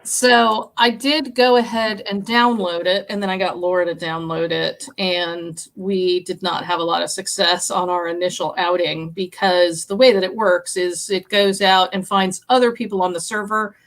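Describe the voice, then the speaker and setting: A woman's voice: on the low side, fairly even intonation, normal speed, few pauses, a bit bright. A woman co-hosting a casual book podcast, telling a story in a chatty, enthusiastic way. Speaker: podcast co-host. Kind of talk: casual chat.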